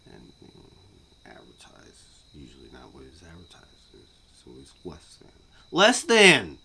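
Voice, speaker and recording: A man ranting casually to camera as a vlogger, profane and repetitive, swinging from muttering to yelling. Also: very deep voice, moderate pace, creaky, slight background noise.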